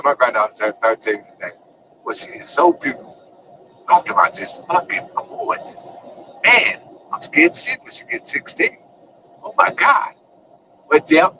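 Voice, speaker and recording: Brash, bright-voiced hyped-up older man. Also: a little high, a little hiss or hum, rough recording. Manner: excitable, brash and profane, peppers talk with "man" and "you know what I'm saying". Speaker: streamer and show host. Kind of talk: casual hyped vlog talk.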